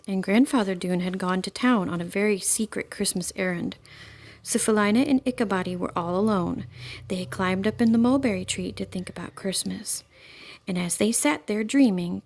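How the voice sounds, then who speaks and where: A woman reading a children's book aloud in a calm, expressive storytelling voice. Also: mid-range voice.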